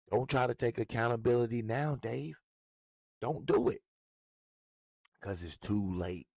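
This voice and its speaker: A man's voice: lowish voice, darkish tone, no echo. A man ranting with profane, mocking, confrontational commentary about a football coach. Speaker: sports commentator.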